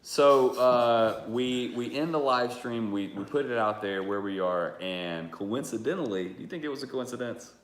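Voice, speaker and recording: A man's voice: medium pitch, moderate pace, hardly any pauses. A man hosting a casual livestream chat, laid-back and joking as he tells stories. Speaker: show host. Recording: echoey room.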